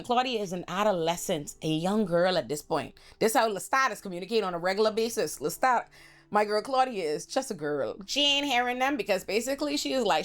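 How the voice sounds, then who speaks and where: Slangy, profane woman recapping a TV episode. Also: medium pitch. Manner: animated, slangy, profane storytelling. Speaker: host.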